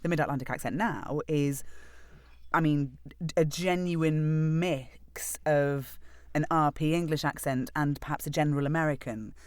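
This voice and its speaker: A man guest telling how his podcast began, rambling quickly with many fillers and laughs. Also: on the high side, fairly even intonation, smooth, dry recording. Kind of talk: casual storytelling in an interview.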